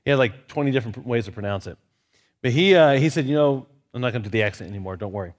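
A man with a medium-pitched, animated, racing voice leads a church Bible study. His teaching is conversational, blending lighthearted personal anecdotes and light humor with Scripture.

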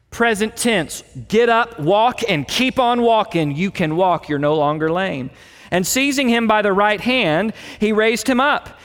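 A man with a high voice preaches a sermon verse by verse. He speaks with emphasis and dramatizes the quoted dialogue. His voice rings with a long reverb, as in a large hall. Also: fairly bright tone. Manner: emphatic, acts out quoted lines. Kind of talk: expository sermon.

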